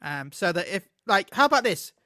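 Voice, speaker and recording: A man with a high, bright voice chats about games with eager excitement, laughing often and stumbling over his words. The sound is close and dry, with no room echo. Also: normal speed. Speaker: podcast co-host. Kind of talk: casual gaming chat.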